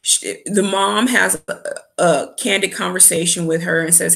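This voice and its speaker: A woman's voice: fairly low pitch, fairly even intonation, unhurried, gravelly, fairly bright tone. A woman giving a candid, opinionated casual recap of a reality show as a vlogger. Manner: candid, opinionated, with quoted asides.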